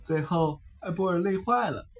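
A woman reading a children's picture book aloud in a slow, expressive, deliberate way. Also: on the low side, very noisy. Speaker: storyteller.

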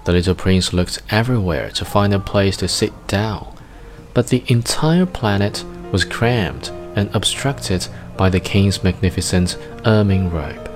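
A man narrates a storybook in a low voice. He reads slowly and carefully. Faint music plays underneath. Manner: slow, careful reading. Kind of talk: storybook reading.

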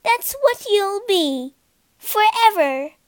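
A woman's voice: very high-pitched, expressive, slow, no echo, pitched above the performer's own voice, exaggerated voice. A woman doing a tiny, stern fairy. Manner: lofty, declaring. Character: tiny vengeful female fairy with a wand.

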